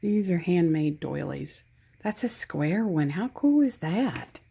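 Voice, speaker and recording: A Southern woman with a lowish, gravelly voice chats slowly to her camera while opening a gift box of craft supplies. She gushes over each item and laughs at her own clumsiness. The talk is casual and homey. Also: lively intonation, warm tone. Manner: gushing, self-deprecating, chatty. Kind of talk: casual unboxing chat.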